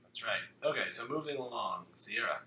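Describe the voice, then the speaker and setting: A man's voice: medium pitch, lively intonation, bright, forceful tone. A man hosting a casual tabletop card game podcast, reading rules aloud and cracking jokes. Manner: jokey, reads rules aloud briskly. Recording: echoey room with faint background hiss.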